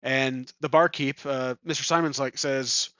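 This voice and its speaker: A man's voice: mid-range voice, fairly even intonation, unhurried, sharp tone, no room sound. A man playing a tabletop game alone, making it up as he goes and thinking aloud with many ums. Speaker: solo tabletop game player. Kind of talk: improvised game narration. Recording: dull lo-fi sound.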